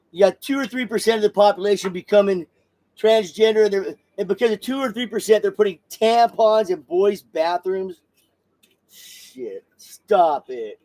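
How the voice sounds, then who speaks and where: Podcast host, middle-aged man, high voice, heated live rant with stumbling repeats. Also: darkish tone. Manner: heated and repetitive, with stumbling restarts.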